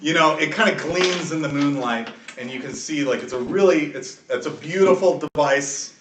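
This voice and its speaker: Acting as game master, a man narrates a tabletop game in a chatty, loose style with lots of filler words. His mid-pitched voice comes at a normal speed from far off the mic, in an echoey room with faint noise.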